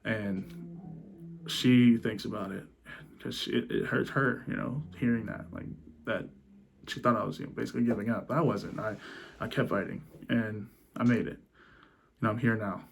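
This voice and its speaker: A young man telling a personal story in a subdued, halting way, restarting his sentences and choking up at moments. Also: fairly low pitch, fairly even intonation, vocal fry, slight background noise. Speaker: vlogger.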